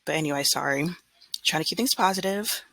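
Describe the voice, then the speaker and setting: Woman in her thirties, casual vent vlog, gravelly and bright, close dry sound. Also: sits low, lively intonation, brisk, dry recording, rough recording. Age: 30s. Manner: exasperated, retells scenes with quoted dialogue. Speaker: substitute teacher.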